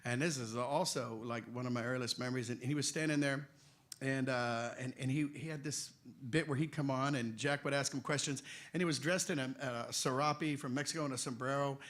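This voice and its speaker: A man in his sixties, a voice actor telling stories on a convention panel, animated and joking with a ready laugh. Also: medium pitch, a little fast. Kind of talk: anecdotal panel storytelling.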